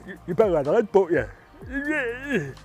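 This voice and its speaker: A man putting on an aggressive male bus passenger who shouts threats over and over. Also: high-pitched, very animated, takes it slowly, soft background music, pitched above the performer's own voice, exaggerated voice. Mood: shouting, threatening.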